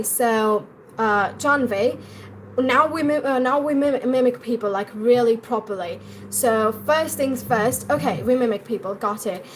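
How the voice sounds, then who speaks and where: A woman's voice: sits high, a little hiss or hum, low-quality recording. A young woman with an Indian English accent, teaching pronunciation in a chatty live-stream lesson and talking straight to her viewers. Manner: chatty, repeats and restarts, addresses viewers directly.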